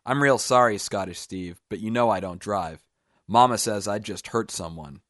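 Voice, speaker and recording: A man voicing a simple-minded young man ruled by his mother, talking in a loud, eager, childlike way. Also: lowish voice, normal speed, dry recording, studio quality, natural voice. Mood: insistent.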